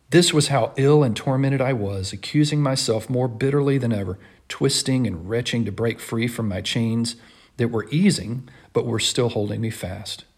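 Husky-voiced man, earnest dramatic reading. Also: mid-range voice, a little mellow. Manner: earnest, impassioned, measured. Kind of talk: dramatic first-person reading of a classic text.

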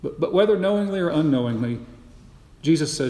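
A male pastor preaching an expository sermon with dramatic storytelling, swinging from loud to hushed. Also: a little high, animated, a little fast. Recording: echoey church hall.

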